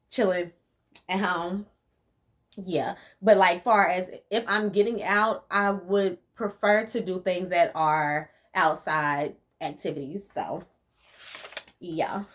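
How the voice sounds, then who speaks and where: A young woman from the rural US chatting casually as a vlogger answering viewer questions, animated and laughing often, with relaxed slang. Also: on the low side, a little slow. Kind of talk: casual chat.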